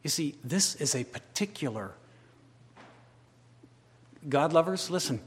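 Guy preaching a sermon, kinda high voice, goes quiet then gets loud and fired up, big hall echo. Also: expressive, unhurried. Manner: swings from quiet, hushed storytelling to loud impassioned crescendos. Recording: long hall reverb.

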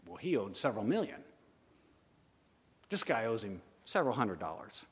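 A man preaching a sermon, swinging from loud urging to hushed asides. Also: fairly low pitch, very animated, moderate pace, husky. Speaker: pastor. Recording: long hall reverb.

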